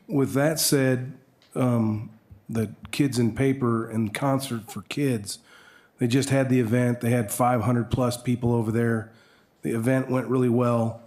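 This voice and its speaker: A council member at a city meeting, speaking slowly and haltingly, restarting his phrases. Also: medium pitch, darkish tone. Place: council chambers.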